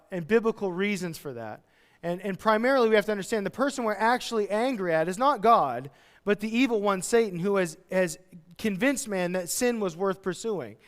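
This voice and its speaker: A man preaching from the pulpit, his voice pitched high for a man and smooth, resonant. He teaches with animated delivery, acting out everyday voices. The sound carries a long church-hall reverb. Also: normal speed. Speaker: pastor. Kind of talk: expository sermon.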